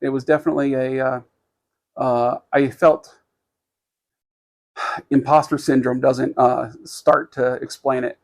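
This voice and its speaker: A man co-hosting a podcast, telling a story in casual chat, rambling and halting with many fillers, lively when he quotes others. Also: medium pitch. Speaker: podcast co-host.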